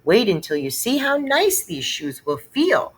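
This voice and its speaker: A woman's voice: mid-range voice, sing-song, unhurried, voice pushed up. A woman voicing a polite shoe salesman. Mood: coaxing. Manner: polite, coaxing. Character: patient shoe salesman, grown man.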